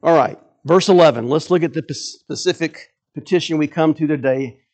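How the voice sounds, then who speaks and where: A man's voice: on the high side, normal speed, few pauses, darkish tone. A man preaching a sermon in a conversational way, restarting phrases and asking rhetorical questions. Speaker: pastor.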